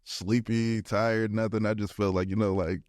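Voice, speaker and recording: A man's voice: lowish voice, level tone, moderate pace, darkish tone, no echo, clean studio sound. A young man co-hosting a casual podcast, rambling in slangy talk with lots of "like" fillers. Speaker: podcast co-host. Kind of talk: casual chat.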